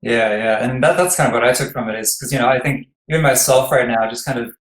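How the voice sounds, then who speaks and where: A man's voice: medium pitch, fast talker. A man interviewing a singer, chatty and hesitant with lots of ums. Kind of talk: casual interview chat. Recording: roomy echo.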